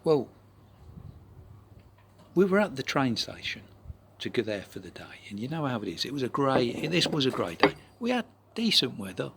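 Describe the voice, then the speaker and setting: A man's voice: medium pitch, big pitch swings, moderate pace, vocal fry, long pauses, noisy background. Chatty, rambling man. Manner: rambling, chatty, full of "you know" asides, drops into soft whispers. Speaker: vlogger. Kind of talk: casual anecdote telling.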